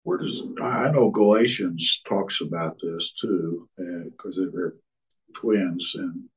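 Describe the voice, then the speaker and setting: A man's voice: sits low, slow pace, breathy edge, recorded from a distance, rough recording. A man in casual discussion, talking hesitantly and searching for words. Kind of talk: casual chat.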